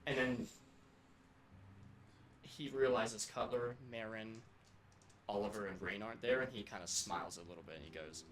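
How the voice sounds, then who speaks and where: A man narrating a tabletop game as game master, quickly and vividly setting the scene. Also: lowish voice. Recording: echoey room with background noise.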